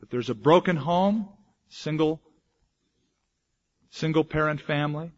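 A male pastor delivers a sermon in a somewhat raised voice, driving points home with emphasis and then dropping into hushed asides. The recording is dull and lo-fi. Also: on the high side, a little slow. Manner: emphatic, swings between loud declaration and hushed asides.

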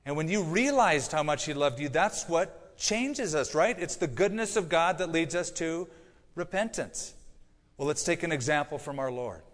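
Middle-aged pastor guy preaching, earnest, goes soft and then punchy, big church echo. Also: on the high side, expressive, moderate pace. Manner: earnest storytelling preacher, shifting between quiet confiding and emphatic lines. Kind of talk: sermon. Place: church sanctuary. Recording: long church hall reverb.

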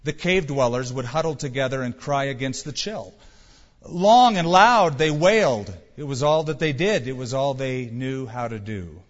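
A man's voice: mid-range voice, normal speed, hardly any pauses. Man preaching a story-driven sermon. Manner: storytelling, conversational with rhetorical questions. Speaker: pastor. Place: church. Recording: reverberant church hall, dull sound.

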